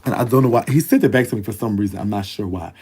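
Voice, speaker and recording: A man's voice: lowish voice, racing, a little mellow, slightly rough. A young man chatting casually to his viewers, swearing and laughing as he talks, recorded close on a phone or webcam. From Louisiana. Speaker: vlogger.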